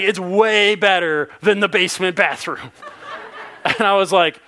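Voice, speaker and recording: A man in his thirties, a pastor, preaching a sermon with animated personal stories and laughing asides. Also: sits high, normal speed, a little hiss or hum.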